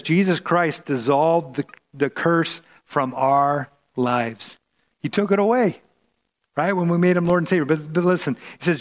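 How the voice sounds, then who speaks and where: A male pastor preaching a sermon in a conversational way, often repeating and restarting words. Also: on the high side.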